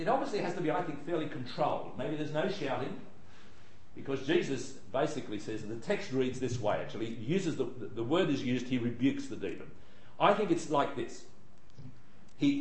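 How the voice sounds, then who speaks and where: Lively man teaching Bible study. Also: medium pitch. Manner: chatty, digressive, frequent restarts.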